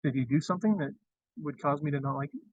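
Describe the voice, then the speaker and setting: A man's voice: on the high side, fast, slightly rough, no echo. A man hosting a casual livestream chat, rambling with frequent restarts. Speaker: livestream host. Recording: dull lo-fi stream audio.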